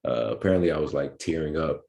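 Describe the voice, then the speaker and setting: A young man with an extremely deep, low voice speaks as a podcast guest. He tells his story in a relaxed, unhurried way and fills his pauses with ums and restarts. The feel is casual interview talk. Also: vocal fry. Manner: laid-back, filler-heavy storytelling. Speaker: podcast guest, pro basketball player.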